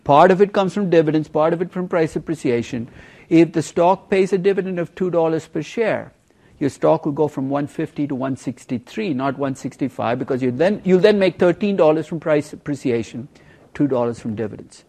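Lively man lecturing on finance. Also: a little high, fairly quick, vocal fry. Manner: lively, emphatic, teasing students with questions. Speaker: finance professor. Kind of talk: university lecture.

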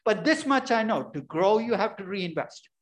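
A man's voice: high-pitched, expressive, moderate pace. A man giving a classroom lecture, emphatic and conversational, often asking questions and answering them himself. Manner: emphatic, asks and answers his own questions. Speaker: finance lecturer.

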